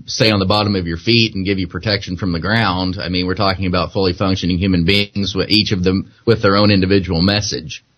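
Male co-host, low voice, easygoing and plainspoken, dull call audio. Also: steady tone, fast, few pauses. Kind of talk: casual podcast chat.

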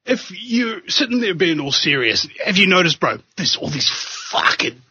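A man with a New Zealand accent hosts a talk show, swinging between preachy monologue and joking banter. His voice is lively and bright, a little husky. The sound is dry and slightly dull. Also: high voice, moderate pace, hardly any pauses, no room sound. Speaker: podcast host. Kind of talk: casual chat and monologue.

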